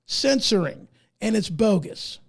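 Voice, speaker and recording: A man's voice: high voice, big pitch swings, a little slow, vocal fry. A man from the United States who is losing his voice, giving emphatic, indignant opinion commentary as a podcast host and reading articles aloud in a folksy way.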